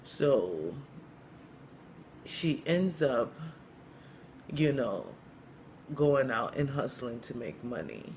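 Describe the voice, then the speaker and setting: A man telling a long story joke in a casual, rambling way, with lots of you-knows and pauses. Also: mid-range voice, sing-song, darkish tone, a little hiss or hum. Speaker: comedian storyteller.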